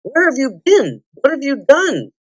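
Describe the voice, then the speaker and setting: A woman's voice: low voice, animated, measured pace, no echo, dull audio. A woman voicing a noble, courtly king. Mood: urgent. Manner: formal, old-fashioned courtly speech. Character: noble grown man, a king, courteous and commanding.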